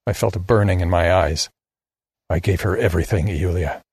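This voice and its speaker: Male audiobook narrator, husky and low, measured, grave first-person read, dry close mic. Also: darkish tone, no echo. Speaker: story narrator.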